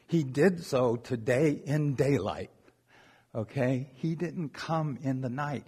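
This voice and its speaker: A man's voice: mid-range voice, breathy edge. A man preaching a sermon in a conversational, joking way, often checking in with "okay?".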